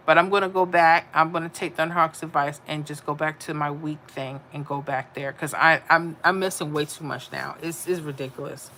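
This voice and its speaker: Woman host, chatty, bright tone, answers chat on her live stream. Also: lowish voice. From Florida. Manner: chatty, reads viewer comments aloud and answers them. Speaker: livestream host reading chat. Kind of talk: casual livestream chat.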